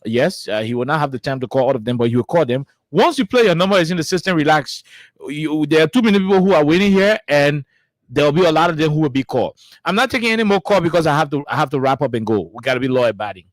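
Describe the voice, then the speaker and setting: A man from Liberia hosting a radio call-in show, greeting callers briskly and calling them brother. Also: on the high side, lively intonation, no echo.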